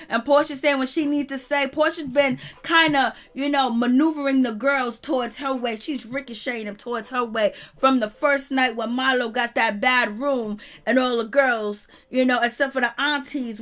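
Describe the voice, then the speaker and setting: A woman's voice: on the high side, fairly bright tone. A woman giving blunt, sassy casual commentary on a reality show, laughing often and talking straight to her live chat.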